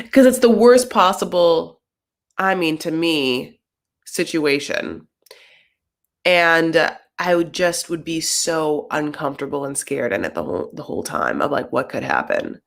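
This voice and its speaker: A woman's voice: low voice, lively intonation, a little slow, gravelly. A woman giving casual, sarcastic commentary on a reality show, rambling with lots of fillers.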